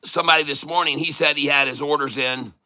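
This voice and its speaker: Bright-voiced man telling rambling stories. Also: fairly high pitch, fairly even intonation, fast talker, smooth. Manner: rambling, chatty anecdote telling with many restarts. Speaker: livestream day trader and channel host. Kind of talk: casual livestream storytelling.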